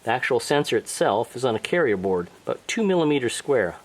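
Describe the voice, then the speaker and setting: A man with a New Zealand accent casually explaining a small robot demo, relaxed and explanatory, on an outdoor deck. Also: mid-range voice, fast, slight background noise, low-quality recording. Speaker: hobby robotics demonstrator.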